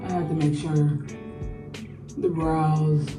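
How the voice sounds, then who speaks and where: Young woman ranting a storytime over her makeup, lowish voice, roomy echo, a bit off mic, faint music. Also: slow pace, far from the mic. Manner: animated, swears freely, addresses viewers as y'all. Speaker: beauty vlogger. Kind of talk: casual storytime while doing makeup.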